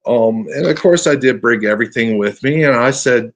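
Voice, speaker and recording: A man telling his encounter story as a podcast guest, earnest and halting, often restarting his sentences. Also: mid-range voice. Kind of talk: casual storytelling.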